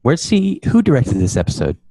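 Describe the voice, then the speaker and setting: A man's voice: medium pitch, huge pitch swings, brisk, creaky, mellow, husky, dry recording. A man co-hosting a podcast in casual chat, easygoing, asking questions and laughing along. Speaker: podcast co-host.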